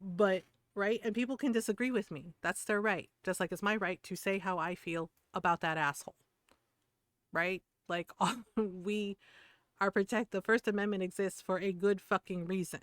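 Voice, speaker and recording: A woman's voice: medium pitch, steady tone, normal speed, a bit bright, no room sound. Fired-up american woman streamer cussing away, dead dry room. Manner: profane, heated, laughs between points. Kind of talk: casual ranting chat.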